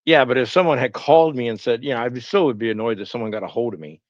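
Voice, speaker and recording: A man's voice: mid-range voice, fast, no room sound, lo-fi sound. A man co-hosting a casual live-stream chat, giving blunt, matter-of-fact commentary. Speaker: stream co-host.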